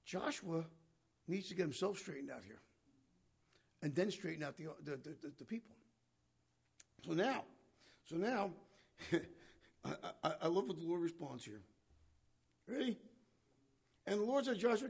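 Gravelly, husky high-voiced man preaching. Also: expressive, normal speed, long pauses. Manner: questions the listeners, repeats words, paraphrases scripture. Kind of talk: conversational Bible teaching.

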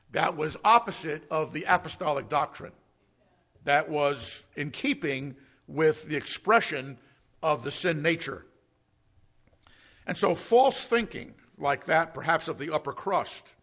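A pastor delivering a sermon with a gravelly, fry-laced voice that sits a little high for a man. He preaches emphatically, pausing on rhetorical questions and sprinkling in "uh" fillers. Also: a bit bright. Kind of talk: expository sermon.

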